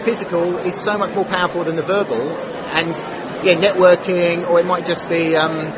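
Animated trainer at a busy trade show. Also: male voice, high voice, normal speed. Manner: animated, repeats words when starting a point. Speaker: exhibitor and trainer. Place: busy exhibition hall. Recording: dull, with loud crowd and noise. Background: loud crowd chatter.

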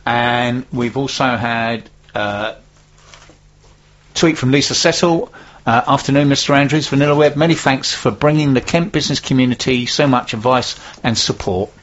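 A man's voice: medium pitch, steady tone, moderate pace, highs cut off. A man hosting a local business radio show in casual chat, rambling with plenty of fillers. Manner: chatty, rambling, many fillers.

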